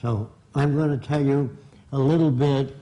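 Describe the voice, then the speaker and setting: Older man, blunt lecturer to a live audience, mellow tone, plain-spoken. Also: medium pitch, steady tone, unhurried, rough recording. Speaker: seminar speaker. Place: seminar room.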